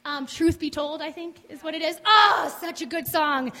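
A woman with a high voice shares her story at a church service, candid and chatty. She leans on "like" as she talks. The room rings with a long hall reverb. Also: normal speed, bright, forceful tone. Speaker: guest sharing testimony. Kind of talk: casual testimony on church stage.

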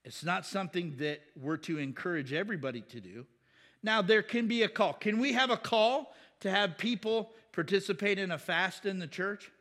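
High-voiced pastor teaching casually. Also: male voice, animated, normal speed, a bit bright. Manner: conversational, rhetorical questions, chuckles.

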